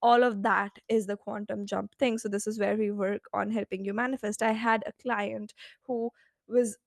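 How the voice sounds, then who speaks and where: A woman coach chatting as a podcast guest, telling animated stories and laughing often. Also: medium pitch, normal speed, creaky, dry recording, studio quality. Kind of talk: casual podcast interview.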